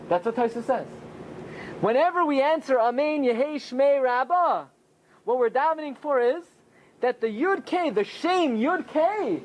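A man teaching a Torah class as a rabbi, often asking rhetorical questions and answering them himself, with pitch that swings high and low for emphasis. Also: slight background noise. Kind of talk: Torah class with Talmud study.

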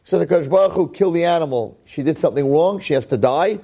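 A rabbi delivers a Torah lecture at a quick pace with hardly any pauses. He is excitable, swinging between low asides and high exclamations, and he sprinkles in Hebrew terms and frequent "right?"s.

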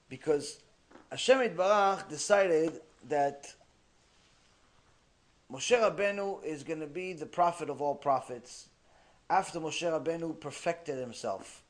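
A man delivering a religious ethics lecture, telling stories in an animated way and mixing in Hebrew terms. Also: a little high. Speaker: Torah lecturer.

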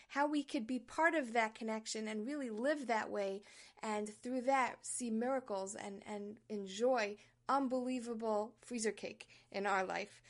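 Woman teacher with a creaky, higher voice. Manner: animated storyteller, frequent self-restarts. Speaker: religious class teacher. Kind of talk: teaching a Torah class with a personal story.

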